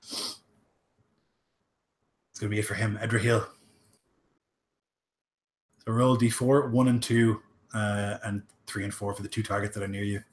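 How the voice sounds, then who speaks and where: A man's voice: lowish voice, level tone, unhurried, long pauses. A man narrating as game master, rambling with lots of filler words. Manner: rambling, heavy use of "like" and "um".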